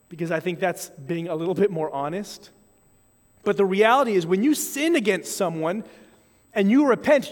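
A man preaching a sermon to a congregation, earnest and measured, acting out sample apologies and prayers as he goes. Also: high-pitched. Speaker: pastor. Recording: long hall reverb.

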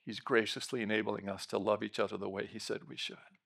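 A middle-aged male pastor preaching a lively sermon, bantering with the congregation and asking them questions. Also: fairly low pitch, gravelly. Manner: lively, talks with the congregation, quick asides.

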